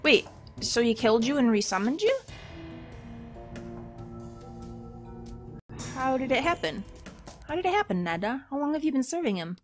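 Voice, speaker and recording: A woman reading the lines of an earnest young nobleman who questions his servant calmly, in a game read aloud. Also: sits high, soft background music, voice pushed up. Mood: questioning. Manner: measured, questioning.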